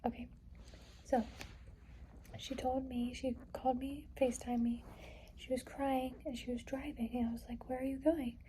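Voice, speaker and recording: A young woman records a casual personal vlog, rambling with many "like"s and "you know"s and trying to hold back tears. Her high-sitting, dark-toned voice shows little pitch movement, moves at normal speed with long pauses, and the rough recording has a little hiss or hum.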